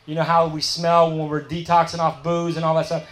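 A man's voice: a little high, level tone, a little fast, fairly bright tone, a little hiss or hum. A man telling his recovery story at a meeting in a candid, colloquial and emphatic way.

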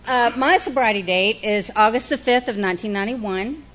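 A middle-aged woman, speaking candidly and folksily about her recovery and guiding a group through slow breaths. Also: fairly high pitch, a bit bright. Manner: candid, self-deprecating, folksy. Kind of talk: personal recovery talk with guided breathing.

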